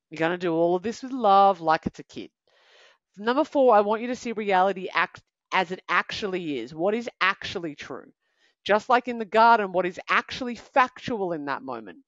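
A woman podcast host coaches her listeners emphatically, counting off steps and circling back to recap them. Her pitch swings widely as she talks. The audio is dry and a little dull, with no room sound. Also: no echo. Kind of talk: motivational talk, numbered steps.

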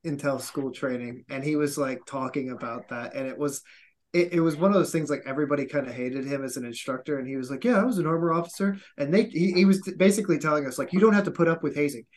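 A man, an army veteran, telling animated anecdotes in casual podcast chat and acting out the quotes. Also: medium pitch, quick pace.

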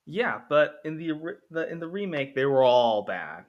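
A man's voice: on the high side, big pitch swings, normal speed, lo-fi sound. A man hosting a casual podcast monologue comparing two films, rambling with many fillers and acting out characters' lines. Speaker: podcast host.

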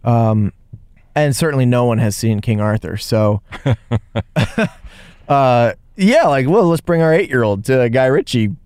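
Podcast co-host, man, smooth clear voice, dry close sound, lively and jokey. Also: mid-range voice, dry recording. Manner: animated, jokey, quick asides. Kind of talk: casual movie review chat.

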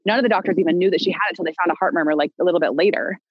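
A woman's voice: fairly low pitch, rapid-fire, slightly rough, dry recording, dull audio. A young woman speaking as a podcast guest, telling a personal story in a loose, rambling way full of fillers, restarts and light laughs. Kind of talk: casual conversational storytelling.

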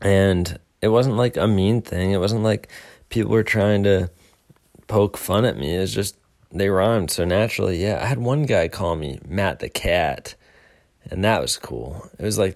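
A young man hosting a casual morning show, rambling upbeat with self-deprecating asides. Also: fairly low pitch. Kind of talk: casual solo podcast talk.

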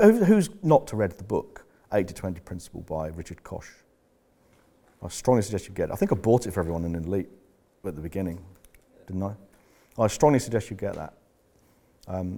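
Blunt, deep-voiced man. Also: darkish tone. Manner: blunt, swears freely, rambling anecdotes. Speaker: business coach. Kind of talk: candid coaching talk to members.

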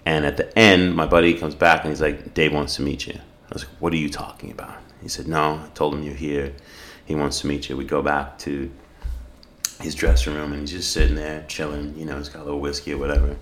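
A middle-aged man from South Africa with a very deep, low voice, speaking as a podcast guest. He tells a personal story earnestly and reflectively, stopping and restarting often. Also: level tone, fairly quick, a bit bright, slight background noise. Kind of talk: storytelling in casual conversation.

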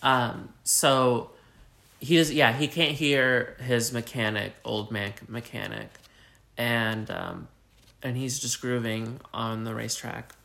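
A man's voice: medium pitch, steady tone, takes it slowly, vocal fry, pushed and bright. A man co-hosting a podcast, recapping a story in casual, rambling, jokey chat full of fillers. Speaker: podcast co-host.

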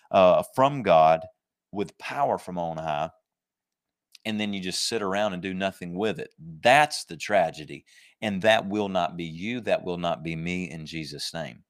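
A man preaching a sermon, emphatic and conversational, slowing down to stress scripture verses and joking with his listeners. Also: low voice. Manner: jokes and laughs with the congregation.

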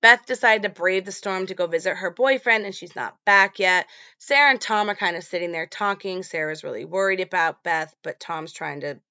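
A woman hosts a podcast and retells a film in a relaxed, chatty way, full of fillers. Her voice is bright. The recording is dry and a little muffled. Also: lowish voice, normal speed, hardly any pauses, no echo. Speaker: podcast host. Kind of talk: casual film recap.

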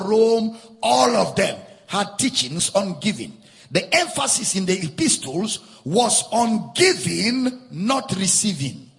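Emphatic, gravelly-voiced preacher in a hall. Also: male voice, high-pitched, a bit bright. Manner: emphatic preaching with repetition and sing-song stresses. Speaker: pastor. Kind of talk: sermon.

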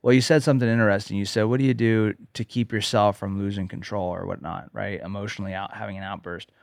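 A man's voice: lowish voice, fairly even intonation, fast talker, vocal fry, no room sound, clean studio sound. A man co-hosting a podcast, telling a personal story in an earnest way and often checking in with "okay?". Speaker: podcast co-host, coach. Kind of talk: casual podcast conversation.

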